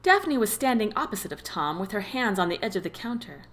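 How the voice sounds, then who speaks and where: A woman narrating a romance novel as an audiobook, with expressive storytelling. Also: medium pitch, fairly quick. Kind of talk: scripted narration.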